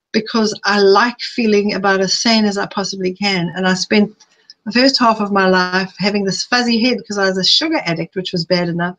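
A woman's voice: medium pitch, muffled recording. Chatty middle-aged woman presenting a webinar. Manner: chatty, personal, builds rapid lists. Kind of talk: live webinar talk. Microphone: streaming live.

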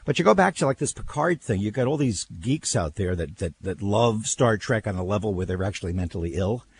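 An older man hosting talk radio, telling stories in casual chat with a husky voice and lots of repeated words. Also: on the low side, brisk, slight background noise. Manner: animated storyteller, repeats words, laughs.

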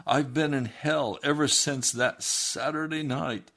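A man voicing a desperate repentant man, wailing and pleading in terror. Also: slow pace. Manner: wailing, high and loud pleading.

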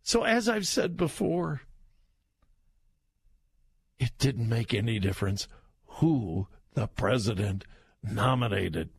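A man's voice: mid-range voice, very animated, creaky, husky, no room sound. A male radio talk show host giving political commentary, mocking and laughing as he talks, stretching his words for emphasis. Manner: mocking, laughs while talking, drawn-out emphatic delivery. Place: radio studio. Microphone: studio microphone.

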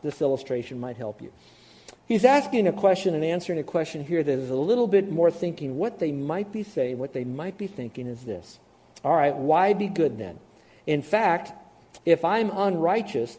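A man preaching a radio sermon as a Bible teacher, animated, acting out voices to make his points. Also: a little high.

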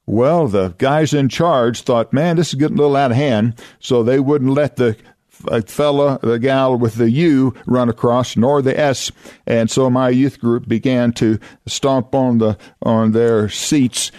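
A man's voice: medium pitch, fairly even intonation, slow pace, darkish tone, no room sound, studio quality. An older man from Oklahoma, a radio host and former youth minister telling folksy anecdotes, chuckling and acting out voices. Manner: chuckling, acts out voices in his stories.

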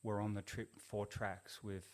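A middle-aged man, a podcast guest telling a long story in a relaxed, rambling way full of fillers. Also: lowish voice, measured pace. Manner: rambling, laid-back, lots of fillers. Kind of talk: casual storytelling.

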